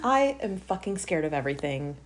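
A woman's voice: on the low side, sing-song, brisk. A woman co-hosting a ghost podcast, talking bluntly with lots of swearing and self-mocking jokes. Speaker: podcast co-host. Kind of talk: casual chat.

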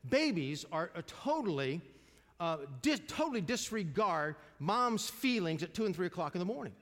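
An older male pastor delivers a folksy sermon, turning to the congregation with questions. His voice sits high for a man. The sound carries the long reverb of a large church hall. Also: very animated, moderate pace, a bit bright.

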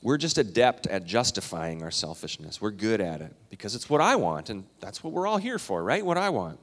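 A man from Minnesota and Canada preaching a sermon in a conversational style, swinging between loud emphasis and quiet asides. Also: fairly low pitch, sing-song, a little fast. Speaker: pastor. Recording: long hall reverb.

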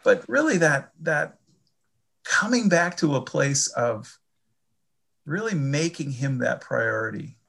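An older man from the Chicago area, talking about faith in a reflective, halting way and often repeating his words. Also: on the high side, expressive, vocal fry, sharp tone, breathy edge. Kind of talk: casual faith conversation.

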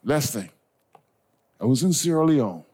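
Man, bishop, sermon, call-and-response, folksy, shouted climaxes, lively pitch. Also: measured pace, slightly rough. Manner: call-and-response preaching, swings from soft asides to shouted climaxes; folksy, addresses the congregation as y'all and baby. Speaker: bishop preaching. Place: church sanctuary before a congregation.

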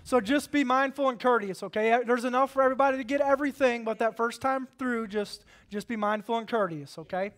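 A man's voice: very high-pitched, fairly quick, few pauses, a bit bright. A man, a pastor leading a church service with upbeat, folksy talk. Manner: upbeat, folksy, says amen a lot. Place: church sanctuary.

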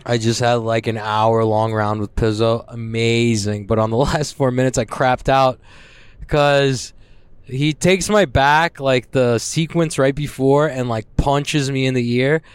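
A man's voice: medium pitch, steady tone, unhurried, smooth, no echo. A young man ranting casually to the camera, agitated and profane, rambling about his own troubles. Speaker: vlogger.

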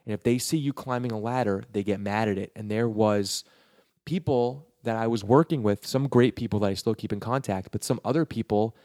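A guest from New York recounts his career in casual, rambling storytelling, often restarting sentences and acting out what others said. His fairly low voice has a brisk, darkish tone. The recording is close and dry, with no room sound.

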